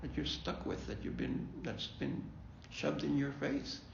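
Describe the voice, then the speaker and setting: A little slow and a little high, his creaky voice guides a faith-based bereavement talk. The speaker, a grief ministry leader, stays conversational, often repeating himself and asking "okay?". Background noise runs through a dull, lo-fi recording in an echoey room.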